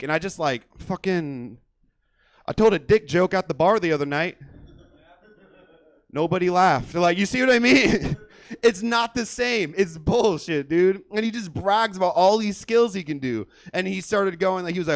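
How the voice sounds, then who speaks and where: A man doing crude stand-up comedy as the host of a comedy club show, hyping the crowd loudly. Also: high voice, animated, moderate pace, dry recording.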